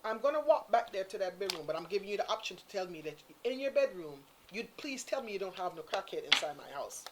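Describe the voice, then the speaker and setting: Talking fast with few pauses, a woman with a medium-pitched voice tells a story in a casual chat, with background noise present. She's a guest storyteller speaking Caribbean-inflected English who animatedly performs the people's voices.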